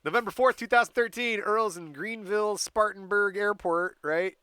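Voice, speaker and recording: A male podcast host recounting a story in relaxed chat, often breaking into laughter. His voice sits a little high and sounds bright and sharp, recorded close and dry. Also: normal speed, clear, resonant tone, dry recording. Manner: laughs often, reads dates and places in a storytelling way. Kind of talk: casual chat, telling a crime story.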